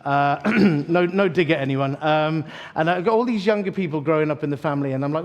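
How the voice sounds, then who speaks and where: Joking preacher telling stories. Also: male voice, a little high, quick pace, few pauses. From East London. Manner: animated, joking storyteller with asides to the audience. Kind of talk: sermon.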